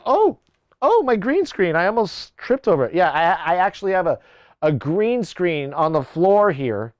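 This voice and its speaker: A man's voice: high-pitched, big pitch swings, normal speed, no room sound, muffled recording. Chatty male livestream host. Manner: chatty, joking, talks to his tracking camera. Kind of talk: casual chat to a livestream.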